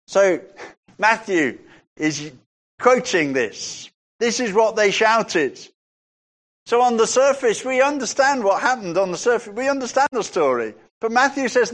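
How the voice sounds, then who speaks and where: A man preaching a sermon, reading scripture passages aloud and rising in pitch when he stresses a point. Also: expressive, unhurried.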